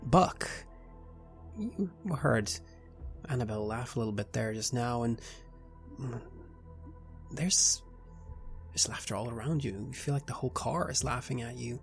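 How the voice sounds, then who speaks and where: Gravelly man running a tabletop game. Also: medium pitch, unhurried, pauses often, soft background music. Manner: taunting, unsettling. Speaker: game master.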